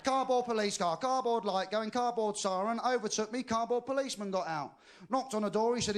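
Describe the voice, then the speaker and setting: A man doing stand-up, telling jokes and acting out quick back-and-forth dialogue. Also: high voice. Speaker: stand-up comedian.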